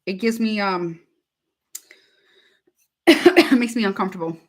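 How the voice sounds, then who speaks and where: Speaking a little slowly, with a mid-range voice and lively intonation, a woman does a casual live tarot reading. She chats away, repeats herself and keeps calling her viewers honey.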